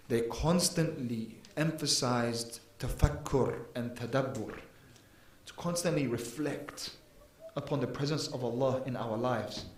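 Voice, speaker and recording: Emphatic man preaching in an echoey hall. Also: mid-range voice. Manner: earnest, emphatic, with sudden rises and drops in volume. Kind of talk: mosque lecture. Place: mosque hall.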